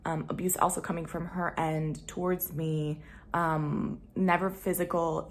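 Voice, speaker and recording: Candid young woman vlogger, lowish voice. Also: creaky. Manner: candid, slangy, expressive, swings between loud emphasis and hushed asides. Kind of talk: personal storytelling to camera. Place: home room.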